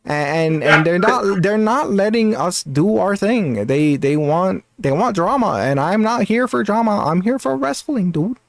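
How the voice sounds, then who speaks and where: A guy doing a whiny, touchy streamer dude, pitched way up and sing-songy, complaining in a mocking, exaggerated cadence, dry close sound. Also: expressive, a little slow, gravelly, few pauses, dry recording, heavily acted. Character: whiny, defensive adult male streamer.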